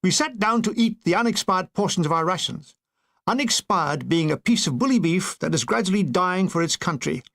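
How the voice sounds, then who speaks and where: A man reading a comic war memoir aloud, landing his puns with deadpan timing. His voice sits high and has a gravelly rasp. His pitch moves around a great deal. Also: normal speed. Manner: deadpan, playful punning delivery. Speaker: narrator.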